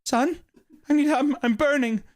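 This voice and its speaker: A man voicing the ghost of a dead mother speaking through a toy, crying out for help in a high, pleading voice. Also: moderate pace. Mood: pleading, anguished.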